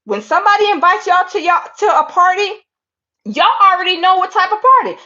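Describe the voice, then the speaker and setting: A woman's voice: very high-pitched, very animated, brisk, bright, forceful tone, highs cut off. A woman giving impassioned casual livestream commentary, repeating herself and calling her viewers "y'all". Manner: impassioned, repetitive, keeps addressing viewers as y'all. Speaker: online commentator.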